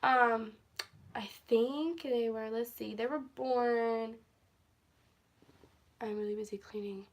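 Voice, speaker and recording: Young woman, somewhat high voice, casual phone vlog, rambling, easily sidetracked, laughs a lot. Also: fairly even intonation, slow, long pauses. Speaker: vlogger. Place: at home, indoors.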